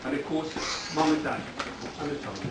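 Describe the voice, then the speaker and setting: A middle-aged man giving a rambling, joke-filled father-of-the-bride speech at a wedding reception, breaking into loud bursts of praise. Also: a little high, fairly quick. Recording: echoey hall, from far off, loud background noise.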